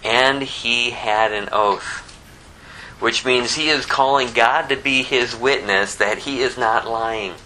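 Brightly toned conversational male preacher. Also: medium pitch, slow pace, a little hiss or hum, rough recording. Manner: conversational, animated, acts out quoted lines. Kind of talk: expository sermon.

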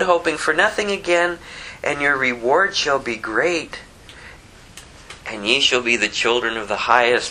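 A woman preaching a sermon with emphatic rhetorical questions and wide swings in pitch. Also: pushed and bright, slight background noise, low-quality recording.

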